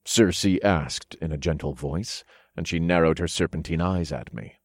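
Deep-voiced male audiobook narrator. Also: normal speed, no room sound, clean studio sound. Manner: low steady storytelling, voices characters. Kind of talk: first-person fiction narration.

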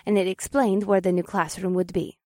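A woman's voice: mid-range voice, level tone, a little fast, a little mellow, dry recording, studio quality, natural voice. A woman doing a patient, cheerful young witch. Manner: patient, cheerful, laughing often.

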